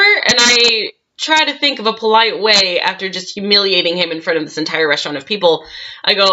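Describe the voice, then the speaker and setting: Bright-voiced woman telling a story. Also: medium pitch, fast talker. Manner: chatty, frequent laughs and fillers. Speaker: cosplayer telling a convention story. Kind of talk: casual storytime vlog. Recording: dull lo-fi sound.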